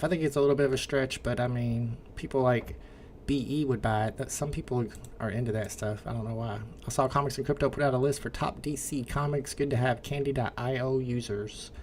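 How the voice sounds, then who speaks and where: A man's voice: medium pitch, darkish tone, slight background noise. A man with an Indiana accent hosting a casual livestream, chatting and answering comments from chat. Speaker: livestream host.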